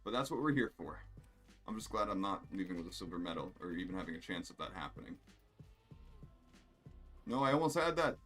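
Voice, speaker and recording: A man's voice: low-pitched, fast, fairly bright tone, soft background music. A man streaming a racing game, rambling and swearing in casual commentary while he plays. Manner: rambling, profane, self-amused.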